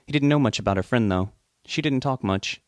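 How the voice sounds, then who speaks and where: A man narrating a novel in a steady, even audiobook reading. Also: mid-range voice, a little fast, dry recording, clean studio sound.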